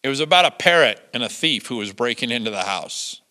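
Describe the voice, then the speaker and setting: A man's voice: mid-range voice, a little fast, no echo. An older man preaching a sermon, telling stories with chuckles and acting out the quotes. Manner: lively storytelling with chuckles and acted-out quotes. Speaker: pastor.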